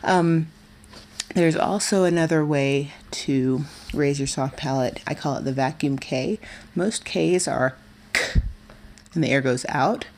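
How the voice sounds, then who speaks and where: Woman, low-pitched, young adult, voice teacher, casual lesson, chatty, self-correcting. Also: a little slow, slight background noise. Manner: chatty and informal, with many fillers and self-corrections. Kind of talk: casual spoken singing lesson.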